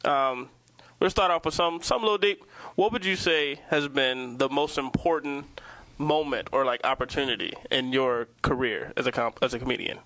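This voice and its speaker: A man's voice: medium pitch, moderate pace, sharp tone, no room sound. A male host leading a casual interview, playful and teasing.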